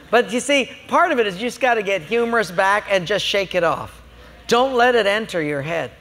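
A man's voice: high voice, expressive, normal speed, a bit bright, big-room sound. A man preaching a sermon as a pastor, emphatic and humorous, telling stories to make his points.

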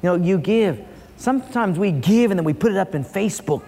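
A man's voice: sits high, a little fast, creaky, in a large hall. A man preaching a sermon as pastor, telling stories and acting out voices in a joke. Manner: animated storytelling, acts out voices in a joke.

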